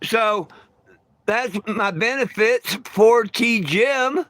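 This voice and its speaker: An older man with a high, sharp, bright voice, recorded close and dry. He talks in a folksy, plain-spoken way and turns combative and crude when he answers his critics. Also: extremely slow, no room sound. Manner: folksy storyteller with homespun grammar. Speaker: vlogger. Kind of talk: casual rant to camera.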